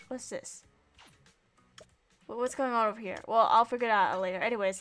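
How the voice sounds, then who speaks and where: Excitable young woman streaming a game. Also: fairly high pitch, normal speed, soft background music. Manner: excitable, gushing, swears freely. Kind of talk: casual gameplay commentary.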